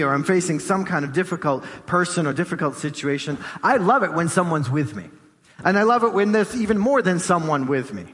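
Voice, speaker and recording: Male pastor, emphatic sermon delivery with repeated phrases, raised pitch, long hall reverb. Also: a bit bright.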